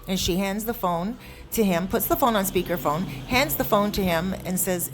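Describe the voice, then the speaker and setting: A woman telling a story in a casual, animated, conversational way with chatty asides. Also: medium pitch, normal speed, noisy background.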